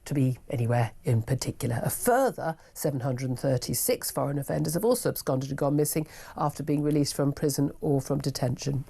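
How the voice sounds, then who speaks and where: Gravelly sardonic British woman host. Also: sits low, mellow. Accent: British English. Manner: brisk, sardonic and scornful. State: sniffly from a cold. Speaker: radio talk show host. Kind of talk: opinionated talk radio monologue. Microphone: studio microphone.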